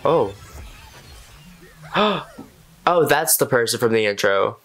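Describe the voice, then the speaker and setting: A man's voice: medium pitch, expressive, normal speed, a bit bright, faint music behind, rough recording. A man hosting a reaction video, chatting casually and exclaiming at what he watches.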